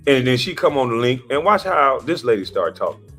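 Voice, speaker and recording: A man hosting an online panel, ranting in heated commentary with a loud, combative, repetitive style. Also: medium pitch, big pitch swings, fairly quick, slightly rough, soft background music.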